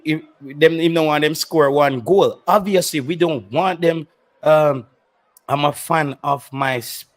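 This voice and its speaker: Animated Jamaican man ranting on a stream. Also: fairly high pitch. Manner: animated, mixes patois with English, mocking and indignant. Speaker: football channel host. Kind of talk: live-stream chat answering viewer comments.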